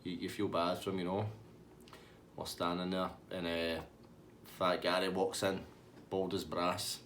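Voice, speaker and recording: A man's voice: low-pitched, flat delivery, unhurried, a bit bright, a little hiss or hum. Scottish man telling a rambling story. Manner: rambling, laughing through the story. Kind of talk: casual comic anecdote.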